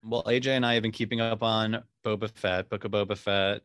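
A man's voice: fairly low pitch, fairly even intonation, brisk, fairly bright tone, dry recording, studio quality. A man co-hosting a podcast in casual, enthusiastic chat, full of fillers. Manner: enthusiastic, chatty, lots of fillers like "like". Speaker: podcast co-host.

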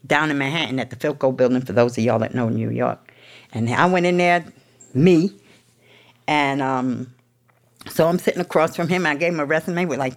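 Middle-aged woman, low gravelly voice, swears a lot, tells it straight and laughs at herself. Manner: blunt, profane, streetwise and laughing. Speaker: guest sharing her recovery story. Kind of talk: candid storytelling interview.

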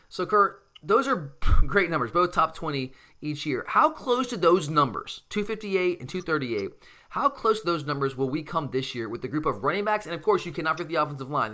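A man's voice: mid-range voice, sharp tone. A man hosting a casual sports talk show, talking animatedly and emphatically, often restarting his sentences. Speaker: sports podcast host.

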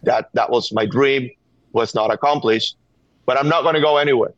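A gun violence activist from Venezuela, middle-aged and speaking with a Venezuelan Spanish accent, joins a call-in interview as a guest. His mid-range voice runs at normal speed with no echo on a dull, dry remote connection, and his delivery is earnest and urgent, full of repeated words for emphasis.

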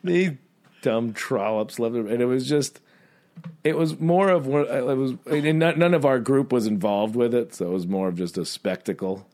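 A man co-hosting a podcast in casual chat, telling a rambling bar story and mimicking people in high squeaky voices. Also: lively intonation, normal speed, darkish tone. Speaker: podcast co-host.

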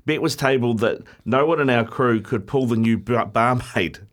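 A man hosting a radio show. He reads listener texts and moves the talk along briskly, his voice at a middling pitch. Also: a bit bright. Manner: brisk, steers the conversation. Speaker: radio host.

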